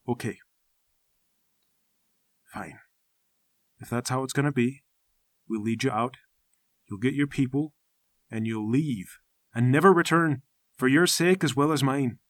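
A man voicing a gruff, reclusive hermit who lives down in an old mine, speaking low and grave. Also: unhurried, long pauses, no room sound, clean studio sound, close to an everyday voice. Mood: grim, firm.

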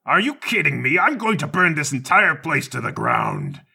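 A man's voice: on the high side, huge pitch swings, moderate pace, vocal fry, pushed and bright, husky, exaggerated voice. A man voicing a furious old male congressman who threatens everyone with a whip, ranting in a tabletop game. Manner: ranting, menacing, theatrical.

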